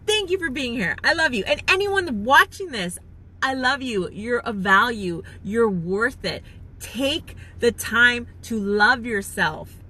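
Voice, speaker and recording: A woman gushes to her viewers on a phone live stream, her voice bright and slightly high. She rambles warmly through fillers, sounding close to tears as she thanks people. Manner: gushing, heartfelt, chatty with many fillers. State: near tears. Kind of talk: emotional live-stream chat.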